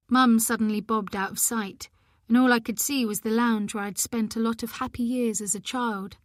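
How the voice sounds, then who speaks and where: A woman narrating a domestic thriller in the first person, measured and intimate. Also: mid-range voice, steady tone, no room sound, studio quality. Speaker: audiobook narrator.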